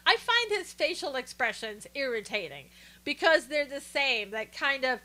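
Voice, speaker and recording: A woman's voice: high-pitched, big pitch swings, moderate pace, sharp tone. A woman hosting a live stream, chatting casually through political commentary and greeting viewers by name, with frequent fillers.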